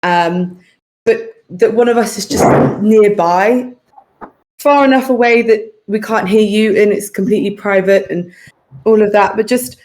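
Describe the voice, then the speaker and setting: A woman's voice: mid-range voice, fairly even intonation, a little slow, a little mellow. A woman playing a tabletop game, giggly and pleading in casual role-play. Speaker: player.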